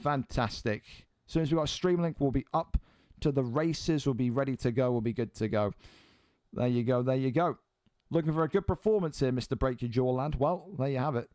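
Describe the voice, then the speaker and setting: A man's voice: medium pitch, fairly quick, darkish tone, no echo. A man hosting and commentating an online fight league live stream, blunt and exasperated, swearing freely.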